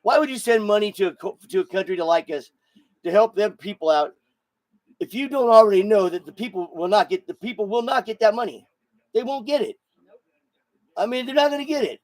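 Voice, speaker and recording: High-voiced man on a profane rant. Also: animated, quick pace, no echo. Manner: profane, blunt, repeats words when heated. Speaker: show host. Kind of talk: solo political rant.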